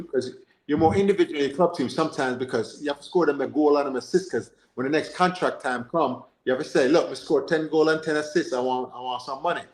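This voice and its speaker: A man with a Jamaican accent and a medium-pitched voice hosts a casual football podcast chat, and the sound is roomy. Animated and repetitive, he frequently checks in with "you understand?"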